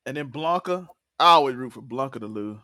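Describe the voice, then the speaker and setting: A man hosting a TV review podcast, recapping an episode in excited casual chat, laughing often and acting out characters' lines. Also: mid-range voice, brisk, dry recording, clean studio sound.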